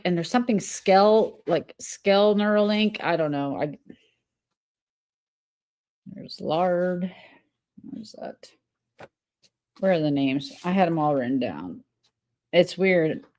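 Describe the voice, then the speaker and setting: Slow, low-voiced irritated woman streamer. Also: a little mellow. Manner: rambling, irritated, swears often. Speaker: livestreamer. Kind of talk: casual livestream chat.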